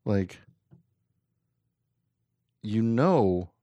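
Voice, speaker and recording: A man with a somewhat low voice hosts a casual talk show, reading news items aloud and joking with his co-host. The sound is close and dry, with no room around it. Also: very slow, no room sound, highs cut off. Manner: relaxed, joking, reads articles aloud with filler "uh". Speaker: podcast co-host.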